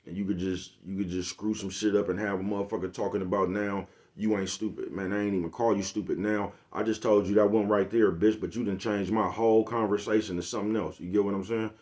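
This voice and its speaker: A man's voice: fairly low pitch, steady tone, quick pace, few pauses, darkish tone. A man talking casually to his viewers in a slangy, laid-back rant, often checking in with "you get what I'm saying". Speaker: channel host. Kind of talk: casual vlog monologue.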